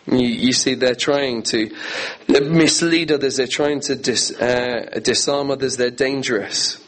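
An earnest man delivering a sermon, leaning hard on key phrases and repeating them for weight. His pitch sits in an ordinary middle range for a man. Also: measured pace, fairly bright tone, poor audio. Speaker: preacher.

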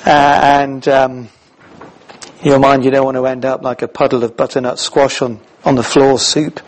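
A middle-aged man preaching a sermon, telling the story in a lively way with many "uh"s and restarts. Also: medium pitch, moderate pace, a little hiss or hum, poor audio. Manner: animated storytelling with many fillers.

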